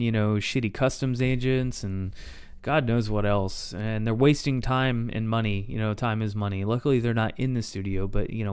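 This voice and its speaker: Male podcast host, plain mid pitch, smooth clear voice, dry close mic, casual storytelling tone. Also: no room sound. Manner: loose and conversational, reads quotes aloud. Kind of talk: casual history narration.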